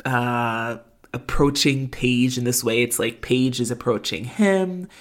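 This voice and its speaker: A woman's voice: a bass voice, slow. A woman co-hosting a casual recap chat, with lots of fillers and frequent laughs. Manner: filler-heavy, laughs often. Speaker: podcast co-host.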